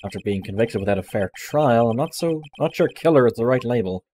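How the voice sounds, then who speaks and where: A man's voice: mid-range voice, expressive, brisk, darkish tone, a little hiss or hum, lightly acted. A man voicing a flustered young defense lawyer who makes dry, sarcastic remarks, reading game dialogue.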